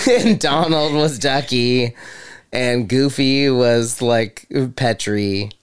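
A man's voice: mid-range voice, animated, extremely slow, clean tone. A man co-hosting a podcast in casual chat, rambling, laughing often and swearing freely. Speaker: podcast co-host.

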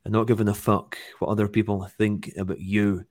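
Low steady guy, pretty monotone, calm and hesitant, dry sound. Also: dry recording. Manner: calm, measured, hesitant with fillers. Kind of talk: casual podcast chat.

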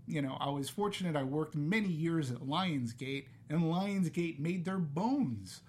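Animated man chatting about movies. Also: a little high, a little slow. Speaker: podcast host. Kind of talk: casual movie review chat.

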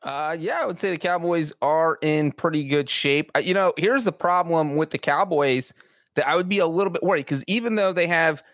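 A man's voice: a little high, brisk, a bit bright, no room sound. Chatty man on a sports podcast. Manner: chatty, many restarts and asides. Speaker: sports writer and podcast co-host. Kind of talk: casual podcast analysis.

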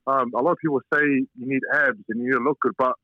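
A man's voice: mid-range voice, fairly even intonation, fast talker, no room sound. A man from New Zealand, a professional boxer, speaking earnestly in a casual phone interview, with frequent restarts. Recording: tinny, dry phone line.

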